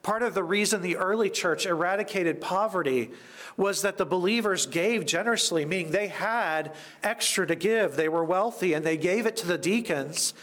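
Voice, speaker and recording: A man preaching a sermon, reading scripture and explaining it in a measured, deliberate way with emphatic repetition. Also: high-pitched, a bit bright. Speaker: pastor.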